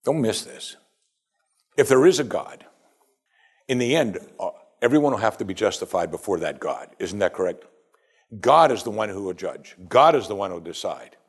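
A man's voice: fairly low pitch, slightly rough. A man preaching a sermon, talking emphatically and asking rhetorical questions again and again.

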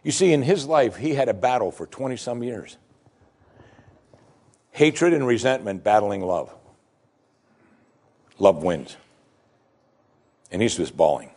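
A male preacher with a gravelly, husky voice retells a scripture story as a dramatic sermon. His pitch leaps and falls as he builds scenes, and he says the key lines twice for emphasis. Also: slow pace, pauses often. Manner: dramatic storytelling, swinging from hushed to excited.

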